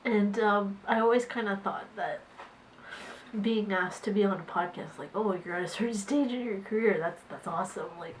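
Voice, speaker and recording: A woman managing artists, talking haltingly to her camera in a casual vlog with many fillers and restarts. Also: mid-range voice, slight background noise, low-quality recording. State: tearful, voice catching.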